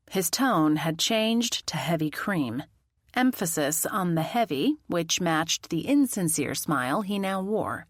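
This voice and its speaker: Woman narrator, lively pitch, close dry studio read of a cozy mystery. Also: a little slow, no echo. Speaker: audiobook narrator. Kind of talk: first-person audiobook narration.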